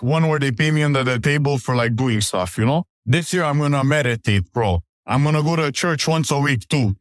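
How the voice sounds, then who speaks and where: Guy putting on a cocky italian-american bro, fake accent, slangy, mid-pitched voice, dry sound. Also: dry recording, lightly acted. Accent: put-on Italian-American. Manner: swaggering, slangy, peppers lines with "bro". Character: brash stereotyped Italian-American bro, young man. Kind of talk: comedy sketch monologue.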